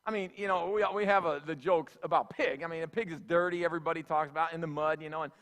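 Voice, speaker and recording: A man's voice: fairly high pitch, fairly even intonation, fast, few pauses, fairly bright tone. A man giving a sermon as senior pastor, folksy and conversational, with plenty of asides and fillers. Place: church sanctuary. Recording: echoey church hall.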